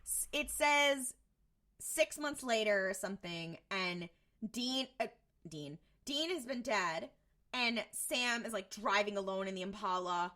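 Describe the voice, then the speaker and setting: A young woman co-hosting a podcast, chatting casually as she recaps an episode and acts out quick quotes from the characters. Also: mid-range voice. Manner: animated, retells scenes with quick voiced quotes. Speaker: podcast co-host.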